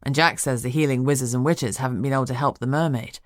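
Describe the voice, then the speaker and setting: A woman narrator voicing a calm, immortal male dragon shifter who speaks in a measured, even way. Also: very deep voice, no echo, clean studio sound, voice pushed down.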